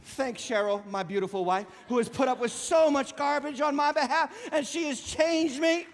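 A middle-aged male pastor preaching a sermon in an animated, joking way, with sarcastic asides. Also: extremely high pitch, moderate pace, in a large hall. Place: church sanctuary.

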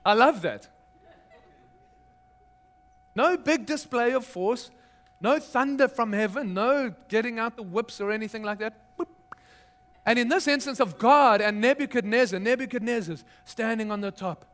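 A man's voice: extremely high pitch, normal speed, pauses often, fairly bright tone. A middle-aged man, a pastor, preaching a sermon in a conversational, storytelling way with touches of humor.

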